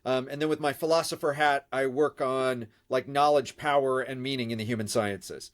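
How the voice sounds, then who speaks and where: A middle-aged man, a professor, answering interview questions at length, his voice nasal from a head cold and his speech measured and full of pauses. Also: medium pitch, fairly even intonation. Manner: measured, with frequent uh fillers. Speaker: guest, professor of religion.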